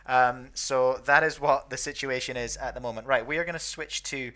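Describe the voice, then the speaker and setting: A man's voice: mid-range voice, steady tone, moderate pace, fairly bright tone. A young Scottish man from the northeast, chatty and self-deprecating, hosting and commentating on a casual online match. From northeast Scotland. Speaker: host.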